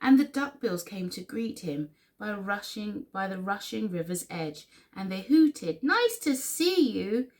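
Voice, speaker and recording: Slow, sing-song woman reading a storybook. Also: medium pitch, animated, darkish tone. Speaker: story reader. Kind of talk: children's storytime read-aloud.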